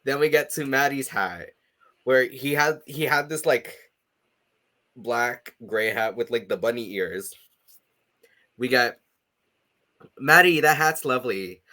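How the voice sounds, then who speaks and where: Chatty man with a bright voice. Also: mid-range voice, takes it slowly, pauses often. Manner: chatty, laughs often, many fillers. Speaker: podcast co-host. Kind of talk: casual chat.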